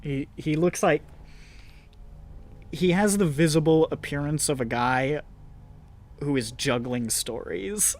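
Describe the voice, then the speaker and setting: A man running a tabletop game as game master, chatting in a relaxed, self-mocking way. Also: fairly high pitch, slow pace, pauses often. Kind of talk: casual tabletop game chat.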